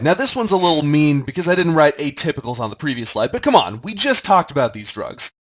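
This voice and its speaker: A man's voice: mid-range voice, a bit bright, poor audio. A man giving a recorded pharmacology lecture in a conversational way, quizzing his listeners as he goes.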